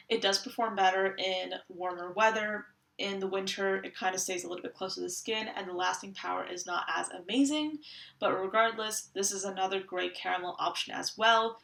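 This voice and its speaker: A woman's voice: mid-range voice, vocal fry, bright, forceful tone, distant mic. A woman giving an enthusiastic, descriptive review of perfumes from her collection in a casual way. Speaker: fragrance reviewer. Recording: roomy echo, a little off-mic.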